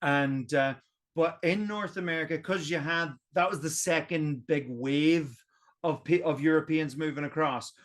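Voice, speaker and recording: A man's voice: a little high, measured pace. A man on a roundtable podcast, explaining history at length in a casual way, with lots of "um" and restarts. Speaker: podcast co-host.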